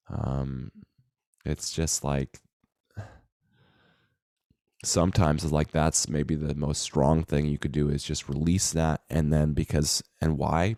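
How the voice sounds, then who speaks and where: Very deep-voiced man musing casually. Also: dark tone, dry recording, studio quality. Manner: reflective, loose, many fillers and restarts. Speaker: self-help vlogger. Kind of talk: casual monologue to camera.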